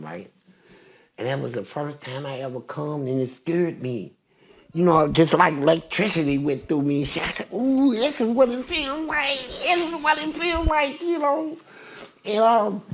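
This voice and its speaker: An older man telling a long story as an interview guest, profane and animated. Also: mid-range voice, vocal fry.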